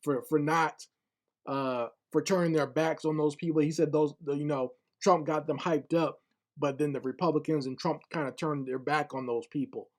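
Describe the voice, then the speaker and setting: A man's voice: a little high, steady tone, moderate pace. A man giving casual spoken commentary online, blunt and scornful, often repeating words as he gathers his thoughts.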